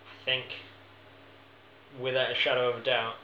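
A man's voice: medium pitch, completely flat delivery, moderate pace, bright, forceful tone, a little hiss or hum. Man with dry humor in an echoey room. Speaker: podcast guest. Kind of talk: casual film podcast chat. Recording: echoey and dull.

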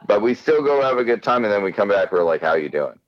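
A man's voice: fairly low pitch, fast, highs cut off. A man co-hosting a casual chat, rambling and acting out quoted people as he talks. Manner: rambling, animated, acts out quotes. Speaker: podcast co-host.

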